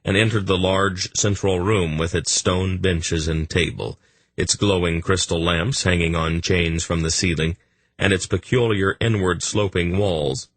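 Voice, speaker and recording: Deep, husky male audiobook narrator. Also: fairly even intonation, a little slow, no echo. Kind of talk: scripted fantasy narration.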